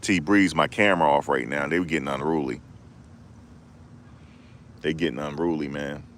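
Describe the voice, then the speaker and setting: A man's voice: extremely low pitch, fairly even intonation, moderate pace, fairly bright tone, a little hiss or hum. A man chatting casually on a live stream as a rideshare driver, laid-back and repetitive with street slang.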